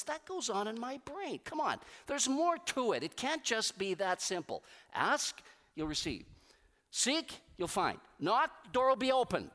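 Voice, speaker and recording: Animated preaching man in a reverberant hall. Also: unhurried. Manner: animated, conversational preaching with strong swings in pitch and loudness. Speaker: pastor. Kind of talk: sermon.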